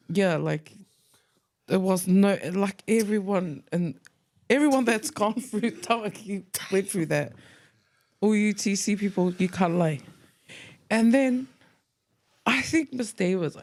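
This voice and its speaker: A woman, co-hosting a podcast, telling school stories in a casual, lively way, acting out quoted voices and mixing in Tongan words. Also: fairly low pitch. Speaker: podcast co-host. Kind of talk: casual storytelling chat.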